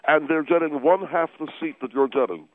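A stuffy, indignant activist voiced by a man lectures formally with food in his mouth. His voice sits fairly high, and it comes through a thin, tinny phone line. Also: brisk, background noise, lightly acted. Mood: pompous. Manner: stiff, formal and indignant, chewing while talking. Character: pompous overweight male activist who talks with his mouth full.

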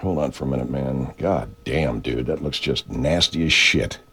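Husky low-voiced radio guy, swears a lot, wanders off topic. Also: moderate pace, a bit bright. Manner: profane, meandering, easily sidetracked. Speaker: radio host. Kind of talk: rambling studio monologue.

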